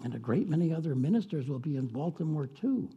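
A man's voice: on the high side, big pitch swings, quick pace, mellow, husky, muffled recording, full character voice. A man voicing an innocent young lady from 1819 who is easily shocked and gasps at news. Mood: wide-eyed. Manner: wide-eyed, gasping.

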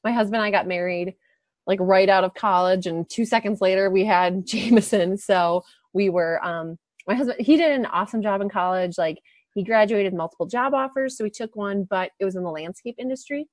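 A woman's voice: mid-range voice, fairly quick, no echo. A young woman from Wisconsin with a faint Upper Midwest accent, chatting casually as a guest and laughing often. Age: young adult. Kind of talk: casual conversation.

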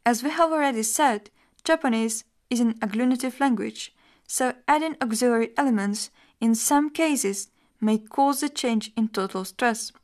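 A woman teacher reading a scripted lesson in an even, measured explanatory tone. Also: fairly high pitch. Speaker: language teacher.

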